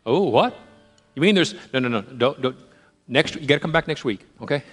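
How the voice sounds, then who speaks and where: A man preaching a sermon, emphatic and repetitive, swinging between rising fervor and quiet, hushed moments. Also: mid-range voice, lively intonation, a little fast, faint music behind. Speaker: pastor.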